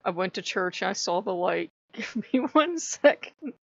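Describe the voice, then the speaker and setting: A woman vlogging from home in casual chat, animated and prone to laughing as she tells a story. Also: mid-range voice, measured pace, creaky, dry recording, lo-fi sound.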